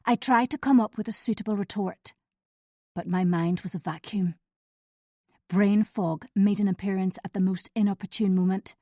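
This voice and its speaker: A woman telling a first-person thriller audiobook in a measured, steady way, on a close mic. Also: medium pitch, no echo. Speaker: audiobook narrator.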